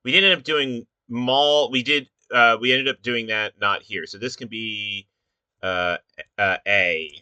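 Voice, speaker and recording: A man thinking aloud while he builds a word puzzle, muttering with many pauses and fillers. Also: medium pitch, fairly even intonation, pushed and bright, clean tone, dry recording. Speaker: puzzle maker. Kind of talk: casual think-aloud commentary.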